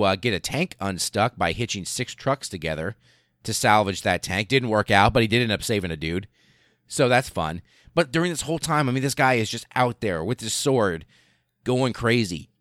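A man with a very low voice tells a history story in a loose podcast style, swearing freely and tripping over his words. The recording is dry and close. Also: dry recording. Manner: excitable, profane, many fillers and restarts. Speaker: podcast host.

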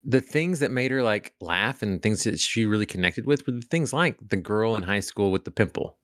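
A man's voice: on the low side, lively intonation, moderate pace, fairly bright tone, no echo, clean studio sound. A man co-hosting a horror movie podcast, talking in a rambling, self-correcting way and laughing often. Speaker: podcast co-host. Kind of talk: casual chat.

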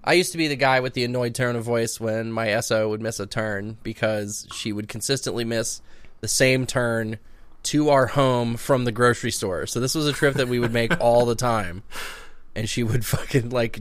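A man's voice: medium pitch, steady tone, moderate pace. A young man co-hosting a casual advice podcast, swearing freely and laughing through his stories. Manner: profane, laid-back, laughs while telling stories. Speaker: podcast co-host. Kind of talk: casual advice chat, reading listener letters.

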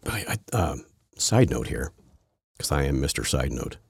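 A man's voice: a bass voice, big pitch swings, moderate pace, gravelly, slightly rough, dry recording, studio quality. A man hosting a political podcast, talking in a rambling, sarcastic way with many restarts. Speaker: podcast host. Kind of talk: casual political commentary.

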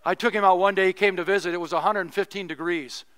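A man's voice: high voice, fairly even intonation, quick pace, a bit bright, smooth. A middle-aged male pastor preaching a sermon, telling a personal story in a conversational, humorous way.

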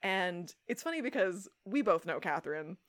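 A woman's voice: on the low side, normal speed. A woman co-hosting a podcast, recapping a TV episode in casual chat, swearing freely and acting out the characters' lines. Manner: animated, swears, acts out quotes. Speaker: podcast co-host.

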